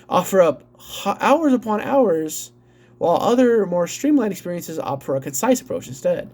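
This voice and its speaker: A man's voice: high-pitched, mellow. A man ranting angrily about gaming news, reading an article aloud and breaking off with profane, incredulous reactions. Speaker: gaming commentator.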